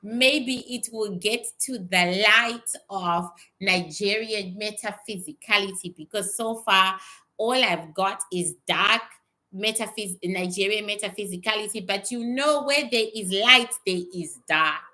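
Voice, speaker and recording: A woman's voice: medium pitch, unhurried, bright, forceful tone. A woman talking casually on a livestream as a psychic reader, answering viewers bluntly and with some swearing, often repeating herself.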